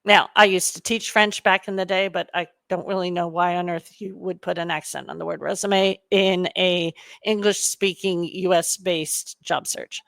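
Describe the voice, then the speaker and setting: A middle-aged woman, a career coach giving a casual, animated webinar talk to her audience with frequent fillers. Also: fairly low pitch, normal speed, gravelly, few pauses, dry recording.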